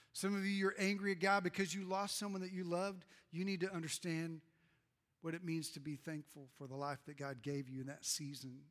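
A man preaching a sermon as pastor, earnest, later praying fervently aloud. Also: on the high side. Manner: earnest, building to fervent loud prayer. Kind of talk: sermon and prayer. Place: church sanctuary. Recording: reverberant hall with soft guitar behind.

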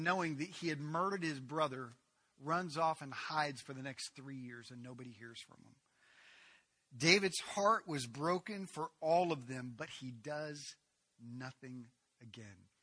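A male pastor preaching a sermon, swinging dramatically from hushed to loud. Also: a little high, a little slow, breathy edge, dry recording.

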